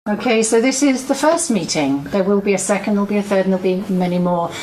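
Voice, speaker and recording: A woman's voice: medium pitch, fast, darkish tone, a little hiss or hum. A British woman organising a small meeting, speaking in a rambling way with many fillers and earnest thanks.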